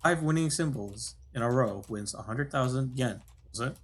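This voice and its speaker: A man's voice: mid-range voice, animated, normal speed, slight background noise. A man streaming himself reading a visual novel aloud, casual, stopping to comment and correct himself.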